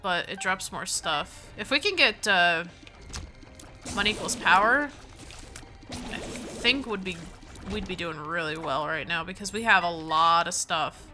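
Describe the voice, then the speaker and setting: A woman's voice: lowish voice, pushed and bright. A woman giving casual, rambling commentary while playing a video game, thinking aloud and reading out item names, sleepy and yawning. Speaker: gaming let's play host.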